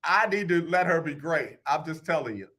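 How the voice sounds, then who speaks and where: An animated radio host in his fifties with a high, bright voice. He chats casually and playfully with callers and listeners, repeating lines for emphasis as he goes. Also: a little fast. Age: 50s. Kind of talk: casual radio talk, reading listener comments.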